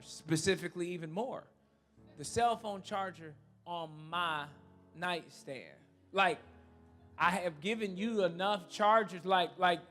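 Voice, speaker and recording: A man's voice: high voice, sharp tone. A man preaching a sermon in a church, telling a humorous story and then making an earnest, repetitive appeal. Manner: repetitive and emphatic. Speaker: pastor.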